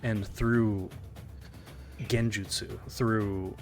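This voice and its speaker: A man with a fairly low voice runs a tabletop role-playing game, walking the players through the rules and narrating the scenes in a relaxed, explanatory way. Music plays clearly behind him throughout. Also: very slow. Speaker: game master.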